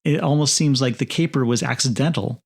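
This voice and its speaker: A man's voice: medium pitch, a little fast, gravelly, husky. A man co-hosting a film podcast, giving dry, wry commentary in casual chat. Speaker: podcast co-host.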